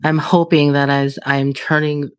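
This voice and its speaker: A woman in her late thirties in relaxed podcast conversation. She speaks candidly, cursing freely and laughing through her thoughts, with an animated, open manner. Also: deep voice, measured pace, clean tone. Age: 30s. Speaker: podcast co-host. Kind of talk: casual conversation.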